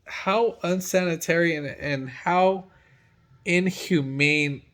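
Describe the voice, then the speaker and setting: A young man, a mechanic, casually telling a story in loose slang, animated and laughing, with big swings between loud and quiet. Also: fairly high pitch, slow. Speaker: mechanic and channel host.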